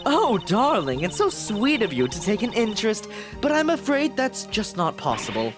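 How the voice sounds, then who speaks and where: A man's voice: high voice, huge pitch swings, moderate pace, over music, pitched above the performer's own voice. A man voicing a flamboyant, doting middle-aged woman warden, theatrical and sing-song, calling everyone darling. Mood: gushing.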